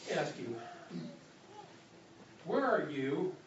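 A man's voice: a little high, big pitch swings, slow, far from the mic, a little hiss or hum. Man preaching in an echoey hall. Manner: dynamic preaching, drops to a soft hush for God's voice. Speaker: pastor. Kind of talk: sermon. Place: church hall. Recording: echoey, muffled hall recording from afar.

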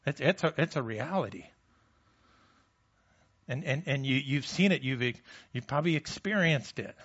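A pastor delivering a sermon in a conversational way, putting questions to the congregation. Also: male voice, medium pitch, expressive, moderate pace, fairly bright tone, husky, highs cut off.

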